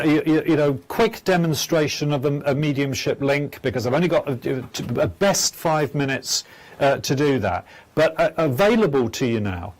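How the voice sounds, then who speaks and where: A man hosting a live phone-in show as a psychic medium, speaking gently and haltingly, with many stammers and restarts. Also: a little high.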